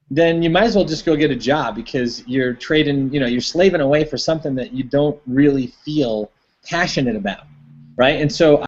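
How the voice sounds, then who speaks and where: A man's voice: fairly high pitch, darkish tone. Rambling motivational man on a lo-fi call. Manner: rambling, filler-heavy, tells a folksy story. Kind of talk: motivational online hangout talk.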